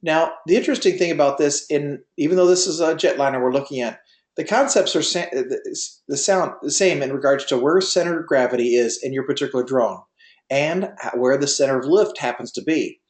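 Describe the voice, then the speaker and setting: A man's voice: fairly high pitch, brisk, roomy sound. Folksy man lecturing with many fillers. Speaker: drone pilot test prep instructor. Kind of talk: online class lecture with a told joke. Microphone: video call.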